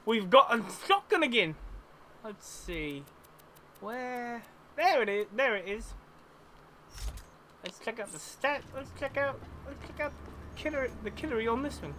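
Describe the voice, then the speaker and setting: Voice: medium pitch, sing-song, measured pace, pauses often, a bit bright, a little hiss or hum. A streamer commentating a live game in a put-on mix of Cockney and Australian accents, rambling and repeating phrases with self-amused asides.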